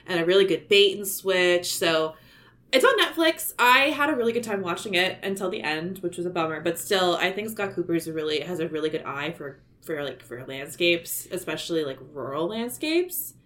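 A woman in her thirties from Maryland, USA, speaks with a Baltimore accent while co-hosting a podcast. Her voice sits on the low side but has a fairly bright tone, animated and at a moderate pace. The chat is casual and rambling, full of restarts and fillers.

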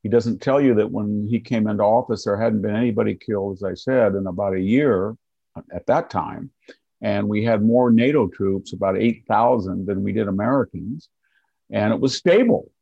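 Older male commentator, 60s, gravelly and dry-sounding, sarcastic, mimics opponents. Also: lowish voice, moderate pace, no room sound, dull audio. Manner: sardonic, mocks opponents in quoted voices. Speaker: guest commentator. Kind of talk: political commentary interview.

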